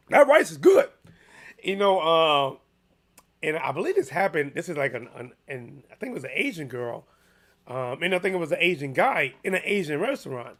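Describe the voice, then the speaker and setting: Man, casual sports commentary host, animated, slightly hoarse, fairly high-pitched. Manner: animated, chatty, with frequent restarts and fillers.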